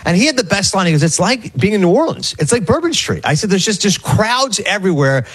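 A man's voice: sits high, very animated, fast talker, slightly rough. A man co-hosting a sports radio show, telling a long rambling story in casual chat and acting out the quotes.

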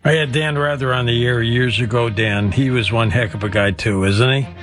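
A man's voice: medium pitch, fairly even intonation, normal speed, fairly bright tone. A man hosting a late-night radio talk show, interviewing a guest in a friendly, conversational way.

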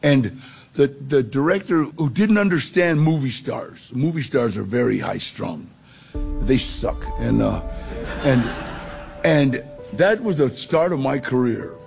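A middle-aged man with a gravelly voice telling his life story in a street-casual, gritty way. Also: mid-range voice, animated, unhurried, darkish tone, faint music behind. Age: 40s or older. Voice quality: gravelly, husky. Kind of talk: storytelling testimony.

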